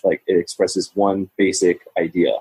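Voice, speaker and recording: A man's voice: sits low, level tone, moderate pace, warm tone, husky, rough recording. A young man talking casually as a podcast guest, rambling with many fillers and restarts. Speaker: podcast guest, Mandarin learner. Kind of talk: casual conversation.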